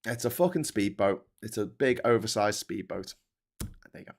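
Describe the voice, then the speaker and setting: A man's voice: lowish voice, animated, normal speed, darkish tone. A man hosting a livestream, reading viewer comments and ranting with heavy swearing and frequent laughter. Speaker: host. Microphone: desk microphone.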